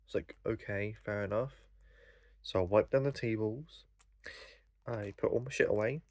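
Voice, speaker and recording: A man's voice: fairly low pitch, normal speed, no room sound. A young man telling a story in a casual vlog, rambling and swearing, full of fillers. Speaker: vlogger.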